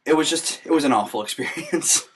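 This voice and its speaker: A young man co-hosting a podcast, telling work stories in an animated, casual way. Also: on the high side, a little fast, crowd noise. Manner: animated storyteller. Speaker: podcast co-host. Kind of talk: casual chat.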